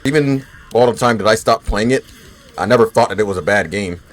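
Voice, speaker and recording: A man in his twenties with a lowish voice gives laid-back, swear-heavy commentary while he plays a game. He chats loosely with his viewers between fights and is bothered by the hiccups. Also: fairly quick. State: has the hiccups. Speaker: gaming streamer. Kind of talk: casual gameplay commentary.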